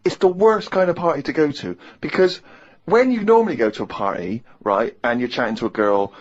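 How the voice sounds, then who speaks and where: A man's voice: a little high, a little fast. A man in his thirties, co-hosting a radio show and telling a funny story, acting out other people's lines and laughing as he talks. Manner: animated anecdote-telling, acts out others' lines, laughs mid-sentence. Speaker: radio co-host. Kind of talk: casual radio chat, storytelling. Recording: slightly muffled radio recording.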